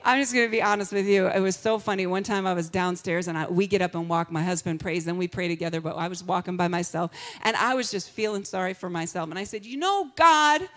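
In an Easter sermon, a woman pastor shifts from hushed, confiding words to fervent, shouted praise, breaking into sung phrases and laughing often. Her voice is lowish and steady, with a quick pace.

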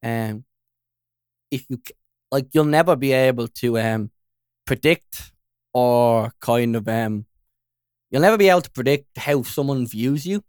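Male podcast co-host, smooth clear voice, loose rambling chat, dry close mic. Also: mid-range voice, measured pace, long pauses, a little mellow, dry recording. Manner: rambling, peppered with "you know what I mean". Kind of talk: casual chat.

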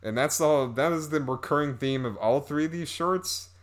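A man's voice: a little high, fairly quick. A man reviewing a movie in a casual, rambling, sarcastic way, stopping to laugh at it.

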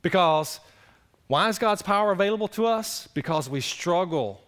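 A man preaching a sermon, animated and conversational, swinging between loud exclamations and hushed earnest passages. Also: sits high, normal speed. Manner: conversational, addresses the congregation directly. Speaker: pastor.

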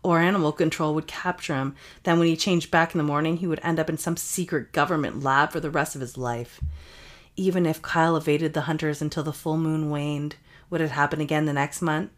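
A woman co-hosting a podcast narrates a tale in a brisk, even storytelling voice. Her voice is deep for a woman, low and steady throughout. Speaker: podcast co-host. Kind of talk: comic reading of an erotic story.

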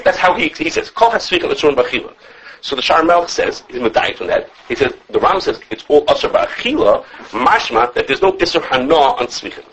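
A husky-voiced man teaches at a rapid clip. His pitch leaps around as he argues through the sources. The recording is dull and lo-fi. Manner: animated, quick, self-correcting, answers questions. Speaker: Torah teacher. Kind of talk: informal halachic class.

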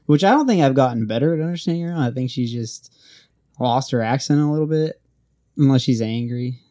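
A man's voice: mid-range voice, brisk, warm tone, no room sound, clean studio sound. A young man from Oregon in casual chat, telling stories in a laid-back, wry way and acting out bits of dialogue.

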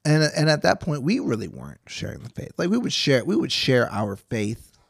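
A man's voice: medium pitch, sing-song, normal speed, creaky, breathy edge, no echo, studio quality. A young man hosting a Bible study podcast, reading scripture and chatting casually with jokes and frequent restarts. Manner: chatty, jokey, self-interrupting.

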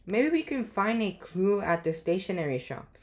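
A woman's voice: medium pitch, sing-song, normal speed, a little mellow, natural voice. A woman reading as a bubbly pink-loving girl detective.

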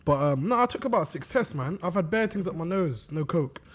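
A man hosting a casual group podcast, hoarse from losing his voice, slangy and jokey. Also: a little high, expressive, a little fast. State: hoarse, lost voice. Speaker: podcast host.

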